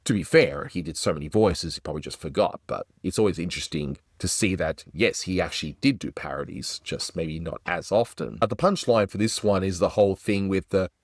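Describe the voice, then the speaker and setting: Australian male host, deep and conversational, dry booth sound. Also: brisk, hardly any pauses, no echo. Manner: chatty, conversational, self-deprecating. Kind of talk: casual review commentary.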